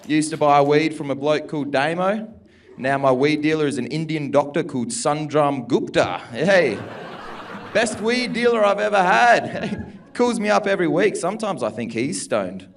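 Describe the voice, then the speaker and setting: A man's voice: a little high, expressive, normal speed, vocal fry. A young man doing a stand-up set in a comedy club, laid-back and mumbly, swearing often.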